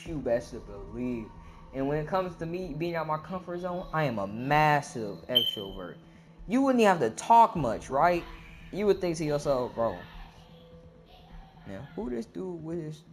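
A young man telling a rambling comic story in slangy casual talk, stopping often to say "bro" and pumping himself up louder as he goes. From Gulfport, Mississippi, US South. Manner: hypes himself up, voice climbing loud and high.

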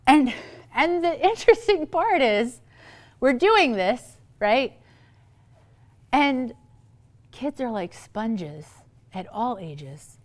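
Middle-aged woman speaker on parenting, playful and quick, fairly high voice. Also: big pitch swings. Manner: playful, quick asides, acts out quoted voices. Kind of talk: lively talk to a live audience.

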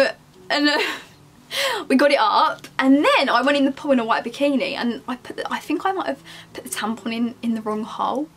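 A woman's voice: on the high side, a bit bright. A young woman, candidly rambling through a casual question-and-answer chat to camera. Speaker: YouTuber.

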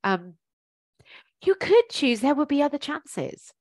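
A woman's voice: high voice, sing-song, takes it slowly, a little mellow, no room sound. A woman giving informal coaching advice, chatty and encouraging, thinking aloud with plenty of ums. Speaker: life coach.

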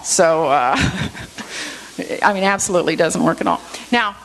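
A woman's voice: a little high, a bit bright, rough recording. A woman giving a Bible lesson in a church, explaining points step by step and often checking in with "okay?". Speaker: Bible teacher.

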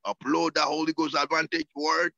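A fervent man preaches and prays, breaking into high whoops and repeating words as he builds. His voice is gravelly and bright. The sound is dry and a little dull. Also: little pitch movement, normal speed, no echo. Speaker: apostle preaching. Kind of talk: sermon and prayer.

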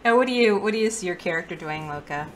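A woman's voice: on the low side, lively intonation, quick pace, background noise. A woman player in a casual tabletop role-playing game, giggly and teasing.

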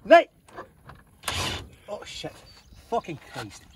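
A man's voice: sits high, big pitch swings, normal speed. A man, grumbling and swearing about the heat while working on a truck outdoors. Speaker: friend helping in a garage. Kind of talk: casual banter while working. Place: outdoors in hot weather by a truck. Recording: outdoor noise with vehicle sounds.

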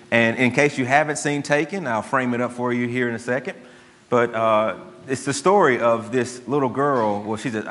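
A man, a pastor giving a sermon and telling a story in a relaxed, conversational way. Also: mid-range voice. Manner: conversational storytelling, dry asides to the congregation. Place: church sanctuary. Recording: long church hall reverb.

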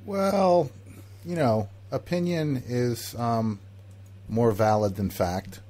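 A man co-hosting a casual political talk show, with a teasing, contrarian, deadpan manner. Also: mid-range voice, slow. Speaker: political podcast co-host.

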